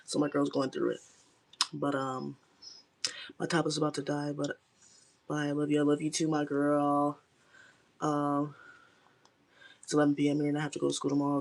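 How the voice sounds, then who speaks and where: A woman's voice: low-pitched, vocal fry, a bit bright, slight background noise. A young woman hosting a live stream, chatting candidly with viewers in a rambling way with lots of fillers. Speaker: livestream host. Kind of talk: casual live chat with viewers.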